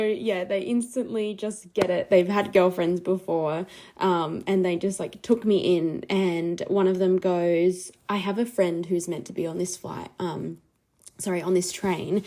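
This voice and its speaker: Brief: young female podcast host, mellow mid-pitched voice, rambling conversational storytelling. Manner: chatty, many ums and likes, laughs while telling, whispers quoted lines. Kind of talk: casual storytelling monologue.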